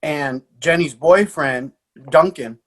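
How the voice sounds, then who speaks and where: Coach guest, male, higher-pitched, animated and laughing through his stories. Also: slow. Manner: lively anecdotes with frequent laughs and fillers. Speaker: martial arts coach. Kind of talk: animated storytelling in a podcast interview.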